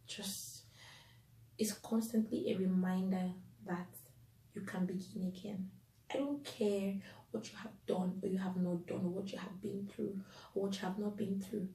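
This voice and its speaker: A woman's voice: medium pitch, dark tone, distant mic. A woman hosting an inspirational Christian talk, earnest and pleading, repeating phrases for emphasis and at times tearful. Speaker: podcast host. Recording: roomy echo, voice set back from the mic.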